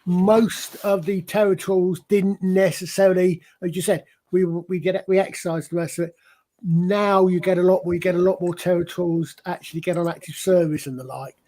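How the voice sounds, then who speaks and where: A man's voice: high-pitched, steady tone, fairly quick, warm tone. A middle-aged Scottish man chatting on a panel show, rambling and often restarting his sentences. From Scotland. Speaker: panel member. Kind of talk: casual panel chat.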